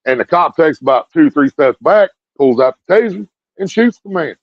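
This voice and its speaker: A man with a somewhat high voice rants bluntly to his viewers and swears heavily. He repeats his phrases as he builds up heat. The recording sounds muffled, dry and lo-fi. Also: lively intonation, normal speed, dry recording. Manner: blunt, heated, repeats himself with lots of swearing. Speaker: video streamer. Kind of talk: profane ranting commentary to viewers.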